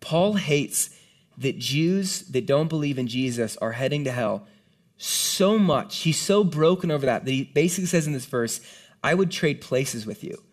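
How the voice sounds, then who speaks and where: A man preaching a sermon to a congregation in an earnest, conversational way, with quick asides and acted-out quotes. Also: a little high, lively intonation. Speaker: pastor. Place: church hall before a congregation.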